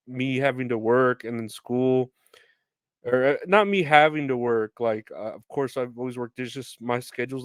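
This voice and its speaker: Rambling young man with a smooth voice. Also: medium pitch, dry recording, clean studio sound. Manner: rambling, swears, laughs while telling stories. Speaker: podcast host. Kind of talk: casual solo storytelling.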